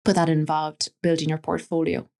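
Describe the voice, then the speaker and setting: A woman with a West Cork Irish accent speaks in a fairly low, grounded register for a woman. She is a podcast guest telling long anecdotes, with plenty of "like" and "you know" woven through her talk. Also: little pitch movement, normal speed, gravelly, a little mellow. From Ireland, West Cork. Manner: chatty, anecdotal, frequent fillers like "like" and "you know". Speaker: guest, stylist. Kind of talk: casual interview storytelling.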